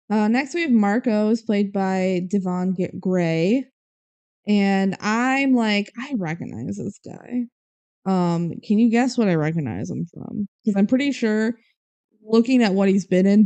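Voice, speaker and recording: Chatty young woman, gravelly and mellow. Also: medium pitch, unhurried. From Minnesota, USA. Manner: chatty, laughing, filler-heavy. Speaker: podcast co-host. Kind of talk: casual chat.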